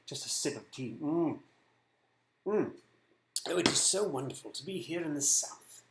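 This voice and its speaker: Man doing a mock-posh English gent, soft and fussy, roomy echo. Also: a little high, expressive, moderate pace, very noisy. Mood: prim.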